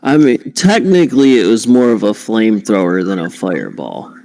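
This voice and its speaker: A man's voice: fairly low pitch, very animated, normal speed, mellow. A man playing a tabletop game, talking incredulously and swearing with laughter. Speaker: player.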